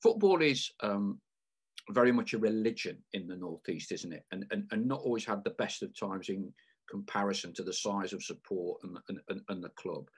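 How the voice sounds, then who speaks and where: A man's voice: lowish voice, normal speed, husky. A man hosting a podcast, asking rambling, chatty questions with lots of fillers. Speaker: podcast host. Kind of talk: casual interview.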